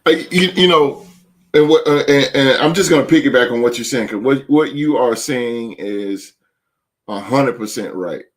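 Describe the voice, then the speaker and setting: A man's voice: mid-range voice, normal speed. A man hosting a sports podcast, talking emphatically with lots of stammered restarts. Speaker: podcast host. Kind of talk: casual sports talk.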